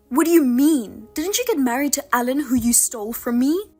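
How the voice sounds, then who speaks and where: A woman tells a first-person drama story with a fairly high, lively voice. She speaks with reproachful indignation, steady and direct, as she confronts a sister who wronged her. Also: a little fast, hardly any pauses, faint music behind. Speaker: narrator and wronged wife.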